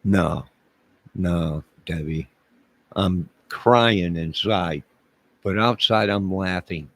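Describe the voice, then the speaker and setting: A man's voice: low voice, drawn-out words, no room sound. A man livestreaming, joking with his chat in a mock-indignant way and talking back to viewers.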